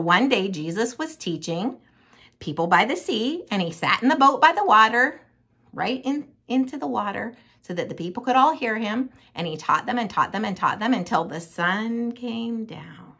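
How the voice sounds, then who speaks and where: A woman telling a Bible story to young children in an animated, sing-song manner, like a children's Bible teacher. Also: mid-range voice, husky.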